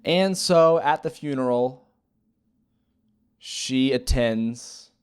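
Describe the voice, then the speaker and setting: A man's voice: medium pitch, very slow, smooth. A man casually retelling a movie plot as a reviewer, rambling and hesitant with many fillers and restarts. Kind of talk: casual spoken movie recap.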